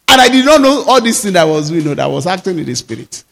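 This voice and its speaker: A man with a Nigerian accent, a pastor preaching and telling lively personal stories in a sermon, slipping into Yoruba. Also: high-pitched, very fast, vocal fry. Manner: lively storytelling, mixes English with Yoruba. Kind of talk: sermon storytelling.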